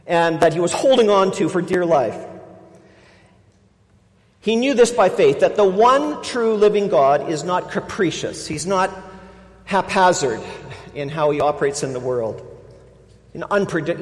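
A man delivers a sermon from the pulpit, his voice sitting a little high and pressing hard on key words before sinking into quiet asides. His words ring out with a long reverb, as if filling a large church hall. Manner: emphatic, swings between loud stresses and quiet asides. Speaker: pastor.

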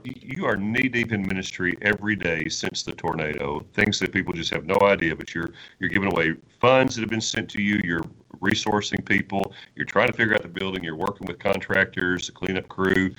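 A man's voice: sits low, quick pace, pushed and bright, rough recording. A male interviewer asking a pastor eager, playful questions, often restarting as he goes. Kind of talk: conversational interview.

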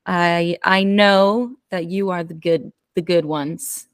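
A woman's voice: lowish voice, steady tone, takes it slowly, clean tone, no room sound, clean studio sound. A woman co-hosting a podcast in casual chat, playfully reading out listener stats. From United States. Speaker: podcast co-host.

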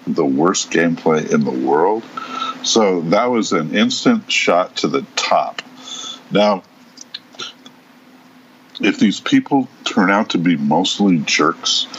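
A man's voice: low voice, lively intonation, takes it slowly, dull audio, a little hiss or hum. A man co-hosting a podcast in casual chat, giving blunt, sarcastic opinions. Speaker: podcast co-host.

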